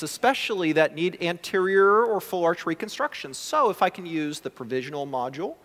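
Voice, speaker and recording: A man, a prosthodontist, giving a conference lecture in an animated way, often acting out what his patients say. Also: high voice, fairly quick, few pauses. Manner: animated, acts out patient quotes. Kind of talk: conference talk. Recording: reverberant lecture hall.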